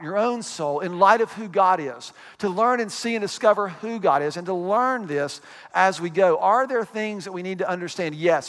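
Male pastor, high-pitched, chatty sermon delivery, reverberant hall sound. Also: a bit bright. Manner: conversational preaching with asides and quick acted quotes.

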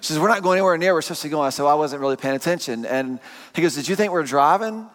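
Animated preacher in a reverberant hall. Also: male voice, a little high, racing. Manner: animated storytelling, joking asides. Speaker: pastor. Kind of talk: sermon with personal story.

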